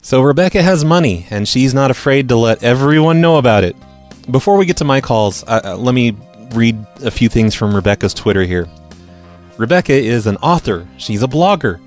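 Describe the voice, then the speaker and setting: A man's voice: medium pitch, lively intonation, a little fast, a little mellow, soft background music. Blunt sarcastic man hosting a podcast. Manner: blunt, sarcastic, reads tweets aloud. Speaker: podcast host. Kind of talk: casual commentary.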